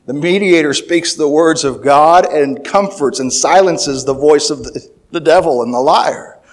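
A man giving a sermon, reading scripture verses aloud and then explaining them, with restarts and fillers, louder and higher on key points. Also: measured pace. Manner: grows louder and higher when stressing points. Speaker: preacher.

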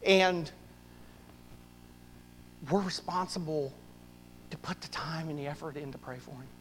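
A man preaching a sermon to his church, swinging from loud bursts to hushed asides. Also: fairly high pitch, unhurried, in a large hall, a little hiss or hum, rough recording. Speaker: pastor.

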